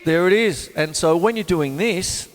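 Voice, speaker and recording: A man hosting a drum show, teaching in a casual, chatty way and counting beats out loud. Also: high voice, measured pace, heavy background noise. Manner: animated, counts beats aloud in rhythm. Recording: long reverb with drum music behind.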